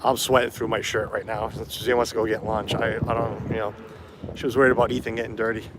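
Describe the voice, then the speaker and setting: A man's voice: lowish voice, flat delivery, fast, noisy background. A man, fighting a cold, chatting casually on a live stream outdoors and answering viewers' comments. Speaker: vlogger livestreaming. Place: outdoors on a hot town street.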